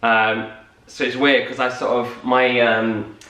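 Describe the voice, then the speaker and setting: A man from North West England with a Lancashire accent, chatting casually about auditions in an animated, friendly way. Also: mid-range voice, takes it slowly, far from the mic. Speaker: co-host, musical theatre performer. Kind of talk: casual morning chat. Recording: roomy, from off-mic.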